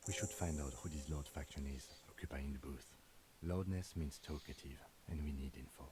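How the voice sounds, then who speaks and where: A man voicing a calm, methodical police partner in a measured, quiet delivery. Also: very deep voice, noisy background.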